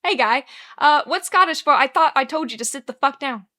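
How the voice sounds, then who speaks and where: A woman's voice: high-pitched, animated, a little fast, bright, forceful tone, pitched above the performer's own voice. A woman voicing a brash, frazzled male bartender who swears freely and uses old-fashioned slang, in a dramatic fanfiction reading. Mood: urgent.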